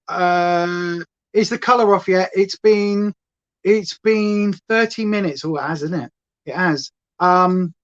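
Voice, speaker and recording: A woman's voice: mid-range voice, lo-fi sound. A woman from Hampshire with a southern English accent and a touch of Essex twang, chatting loosely as she does her makeup on a livestream and reads out viewers' comments. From Hampshire, England. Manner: rambling, chatty, talks to viewers and her dog. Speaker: beauty livestream host. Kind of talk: chatty makeup livestream, reading chat aloud. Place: home.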